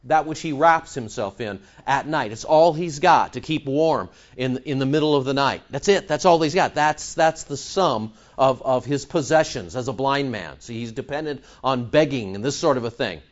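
A man's voice: medium pitch, moderate pace, few pauses, lo-fi sound. A man preaching a sermon to his congregation. He asks rhetorical questions and repeats phrases for emphasis. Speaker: pastor.

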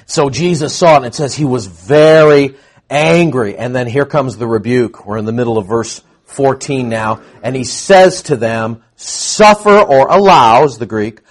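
A middle-aged man preaching a verse-by-verse sermon, moving between quiet explanation and loud, emphatic bursts. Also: mid-range voice, moderate pace. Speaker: pastor. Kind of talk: expository sermon.

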